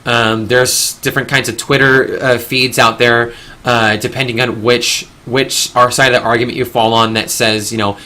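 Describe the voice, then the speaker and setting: A man's voice: mid-range voice, level tone, moderate pace, sharp tone. A young man hosting a casual discussion, talking earnestly in long, rambling stretches with frequent restarts. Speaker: discussion host.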